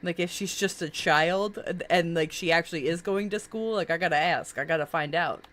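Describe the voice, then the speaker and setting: A woman's voice: on the low side, moderate pace, fairly bright tone. A woman streamer in casual live-stream chat, reacting to viewers' characters in a bubbly, gushing way with many fillers.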